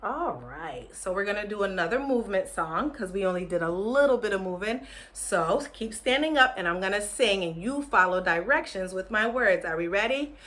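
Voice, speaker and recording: A woman teacher reading a picture book aloud to children, gently encouraging them to join in with movements. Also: medium pitch, animated. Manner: slow, gentle, encouraging, leading children in actions.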